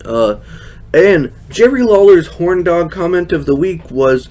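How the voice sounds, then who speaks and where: A man giving a casual recap of a televised show, chatty, laughing often and filling pauses with fillers. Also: on the high side, animated, darkish tone. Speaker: wrestling recap host.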